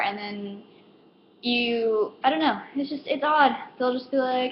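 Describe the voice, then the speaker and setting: A fairly high-voiced young woman rambles through a casual comic monologue, leaning on fillers and slipping into little impressions of people. The recording is roomy and dull, with a faint hiss. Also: normal speed. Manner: rambling with many fillers, acting out customers. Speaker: comedic vlogger. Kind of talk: casual stand-up style monologue.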